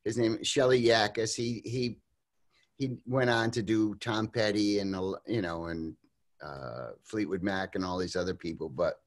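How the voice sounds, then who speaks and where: A man's voice: lowish voice, fairly even intonation, a little slow. An older man as an interview guest, talking casually over a video call, rambling with lots of fillers and restarts and laughing often.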